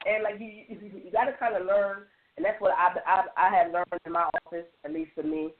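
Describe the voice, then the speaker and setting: A woman on a radio panel, telling stories with lively restarts and lots of "like". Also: medium pitch, a little fast. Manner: animated storytelling with many restarts and repeated "like". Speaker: roundtable panelist. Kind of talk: casual radio panel chat. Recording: tinny phone-line sound.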